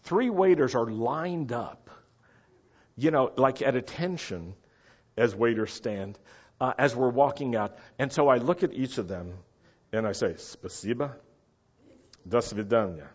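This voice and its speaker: A middle-aged man telling a story in a chatty, animated way, often checking that his listeners follow. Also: medium pitch, unhurried, breathy edge. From United States. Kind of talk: casual anecdotal storytelling. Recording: dull lo-fi recording.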